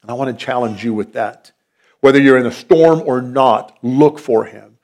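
A man's voice: mid-range voice, moderate pace, a little mellow. A man, preaching a sermon as a pastor in an earnest, conversational, storytelling manner.

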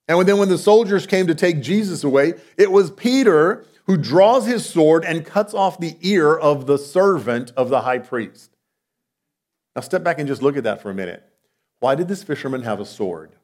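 An expressive male preacher gives a conversational sermon at normal speed. He asks rhetorical questions and moves between loud, emphatic lines and quiet, low asides.

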